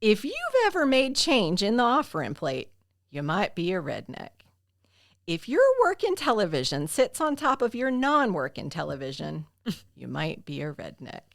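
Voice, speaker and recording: A woman's voice: lowish voice, very animated, normal speed, creaky, no echo, clean studio sound. A woman putting on a Southern accent to imitate a male stand-up comic telling folksy redneck jokes, laughing between punchlines. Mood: folksy mock. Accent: Southern US, put on. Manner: drawling joke delivery, laughing between punchlines.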